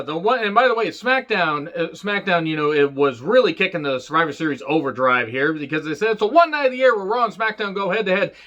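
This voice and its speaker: A man with a bright, edgy, somewhat high voice rants sarcastically through a wrestling show review, swearing freely. His delivery is a solo home review. The recording sounds dull and lo-fi. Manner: profane, sarcastic ranting.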